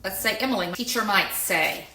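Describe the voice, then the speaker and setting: Bright-voiced woman teaching in echoey room. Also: medium pitch, moderate pace. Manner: patient, stretches words out when demonstrating. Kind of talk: explanatory lesson.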